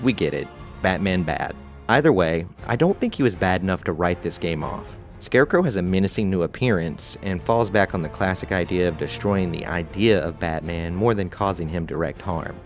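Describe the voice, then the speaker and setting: A low-pitched man narrates a scripted video game review, keeping it relaxed and conversational with casual asides.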